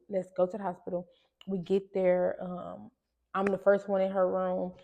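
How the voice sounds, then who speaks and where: Podcast host, woman, gravelly voice, loose storytelling with lots of fillers. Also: medium pitch, warm tone. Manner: conversational, many fillers and restarts. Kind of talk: personal storytelling to listeners.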